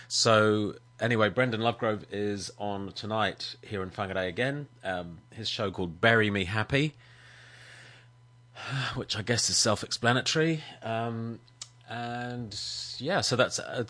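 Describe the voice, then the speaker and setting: A man hosting a radio show, chatting casually and haltingly with many ums. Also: fairly low pitch, pushed and bright. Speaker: radio host.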